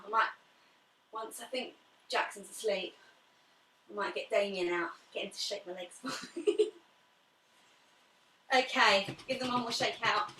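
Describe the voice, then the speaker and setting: A woman talks a class through slow stretches and breathing, her calm cues mixed with friendly asides. Her voice sits a little high. She is some way from the mic in a room with a noticeable echo. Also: far from the mic. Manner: calm, chatty guidance with soft cues. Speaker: pilates instructor. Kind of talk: guided pilates class. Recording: echoey room, away from the mic.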